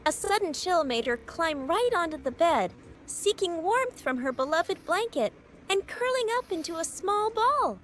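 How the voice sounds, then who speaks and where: A woman narrating a storybook tale in a slow, sing-song manner. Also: very high-pitched, big pitch swings, fairly bright tone, slight background noise.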